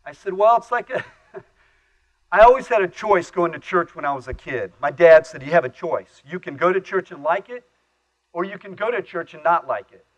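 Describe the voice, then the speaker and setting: A man's voice: high-pitched, lively intonation, moderate pace, muffled recording. Folksy man telling army stories. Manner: folksy, plain-spoken, laughs at his own stories. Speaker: conference speaker. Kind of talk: storytelling keynote talk. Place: conference stage.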